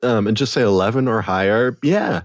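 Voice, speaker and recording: A man's voice: on the low side, normal speed, no room sound, clean studio sound. A man running a tabletop game as game master, easygoing and hesitant, often laughing.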